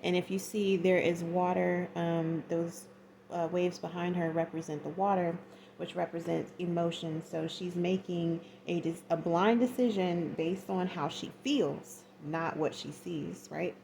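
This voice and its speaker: A woman's voice: lowish voice, steady tone, unhurried, vocal fry, warm tone, a little hiss or hum. A woman giving a casual tarot reading, chatty and slangy, acting out little scenes as she goes. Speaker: tarot reader.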